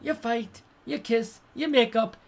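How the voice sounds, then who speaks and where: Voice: mid-range voice, measured pace. A streamer giving relationship advice in casual live-stream chat, blunt and swearing constantly, acting out the people in the stories. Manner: animated, acts out quoted voices.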